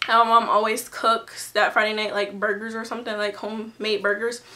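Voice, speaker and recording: A woman's voice: medium pitch, little pitch movement, brisk, sharp tone. A young woman telling a personal story to her camera in a casual, chatty way, full of fillers and restarts. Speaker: vlogger.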